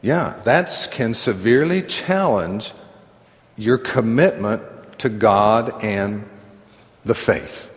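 Middle-aged male pastor, slow and earnest, conversational sermon with self-deprecating laughs, church hall reverb. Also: on the low side, animated. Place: church sanctuary.

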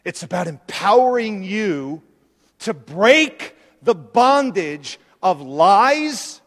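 A man's voice: high voice, big pitch swings, slow pace. A man preaching a sermon, emphatic and insistent, hammering home repeated phrases. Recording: long reverb of a large hall.

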